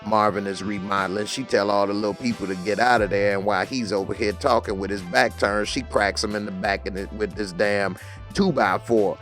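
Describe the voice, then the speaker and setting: A fairly low-pitched man speaks briskly over soft background music. He gives a casual, slangy recap of a TV episode, quoting the characters in a lively retelling as he goes.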